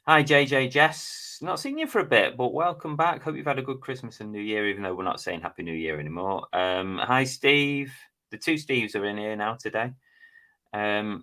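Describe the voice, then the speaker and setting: A man's voice: fairly low pitch, pushed and bright. A middle-aged man, hosting a casual live stream and chatting as he reads out viewers' names and comments. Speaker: live stream host reading chat.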